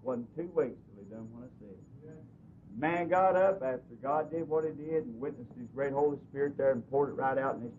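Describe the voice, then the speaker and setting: Earnest preacher man, lo-fi church tape. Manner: earnest storytelling, voice swinging loud and soft. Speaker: pastor. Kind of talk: sermon with personal story. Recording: dull lo-fi recording with faint hiss and rumble.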